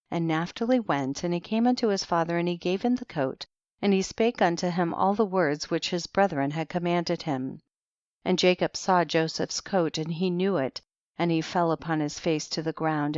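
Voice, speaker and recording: A woman reading an audiobook in measured, even scripted narration. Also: low voice, dry recording. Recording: dry, slightly muffled recording.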